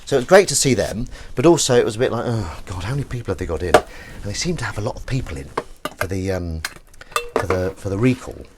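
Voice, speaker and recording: A man's voice: fairly low pitch, lively intonation, fast, very noisy. A young man chatting casually and rambling through anecdotes, with fillers and asides, while he washes up. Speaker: host of a washing-up livestream. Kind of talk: casual chat while washing dishes.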